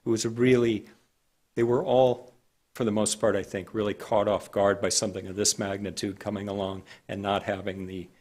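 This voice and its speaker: A man speaking as a public health director at a county board meeting, measured and halting with frequent restarts. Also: fairly low pitch, little pitch movement, darkish tone.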